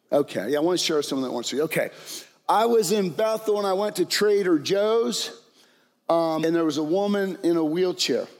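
An older man delivers a sermon in a casual, storytelling way, checking in with his listeners often. His voice sits a bit high for a man, with a gravelly, husky grain. The sound carries a long reverb, as if from a large hall. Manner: conversational, frequent "right?" and "okay?" asides. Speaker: preacher.

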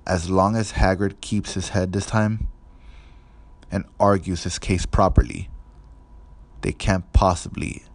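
A man's voice: deep voice, fairly even intonation, unhurried, vocal fry, long pauses. A man voicing an anxious, clever teenage girl who talks earnestly in a storybook reading. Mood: reassuring.

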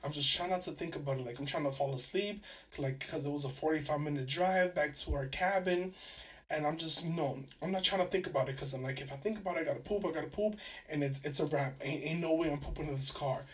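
A young man hosting a podcast, telling stories in a chatty, animated way with lots of fillers and restarts. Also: a little high, fast talker. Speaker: podcast host. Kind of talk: casual solo podcast storytelling. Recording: voice a bit distant from the mic.

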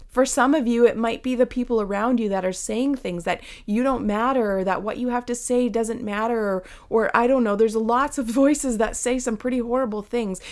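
A woman giving a reflective devotional talk, earnest, sometimes dropping to a whisper and acting out the story. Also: fairly high pitch. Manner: earnest and reflective, drops to whispers for quoted voices; acts out Bible characters with lively shifts.

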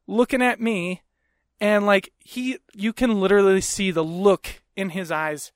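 A man hosting a podcast, telling a story in a profane, animated rant into a close mic. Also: sits high, normal speed, dry recording. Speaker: podcast host. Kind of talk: comedic storytelling.

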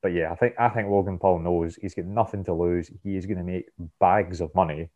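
A man's voice: low voice, fairly even intonation, a little fast, a little mellow. A man guesting on a podcast, chatting about sports casually, often stumbling and repeating words as he thinks. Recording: dull lo-fi podcast mic.

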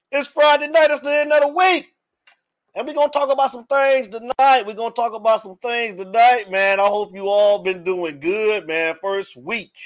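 A man's voice: high-pitched, fairly bright tone. A man hosting a live sports podcast in a casual way, greeting chat viewers by name and repeating his questions. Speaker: podcast host.

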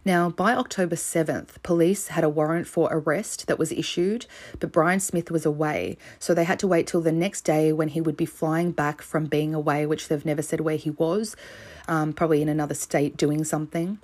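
A woman's voice: low voice, steady tone, normal speed, a little mellow. A woman hosting a true crime podcast, telling the case in a casual, chatty way with blunt, swearing asides.

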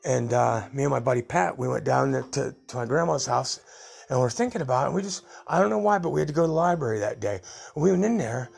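A middle-aged man with a gravelly, husky voice, telling his own stories in a loose, rambling way. He talks casually, at a middle pitch, and chuckles at his own tales. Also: expressive, fast, a little mellow. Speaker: podcast host. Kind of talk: casual storytelling.

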